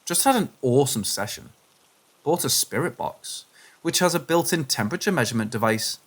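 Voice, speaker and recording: A man narrating submitted paranormal stories in a steady, scripted reading voice. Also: medium pitch, brisk.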